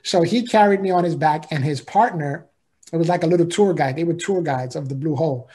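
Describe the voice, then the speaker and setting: A man's voice: fairly high pitch, brisk, a little mellow, slightly rough. A man, a podcast guest, telling an emotional personal story in an earnest, heartfelt way, often repeating himself and asking "right?".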